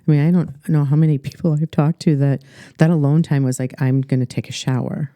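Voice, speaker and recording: Middle-aged Upper Midwest woman coach, earnest, halting delivery, very dark tone, dry close mic. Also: sits low, fairly even intonation, no room sound. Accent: Upper Midwest American. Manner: earnest, halting, many fillers and restarts. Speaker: guest life coach. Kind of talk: podcast interview, personal story.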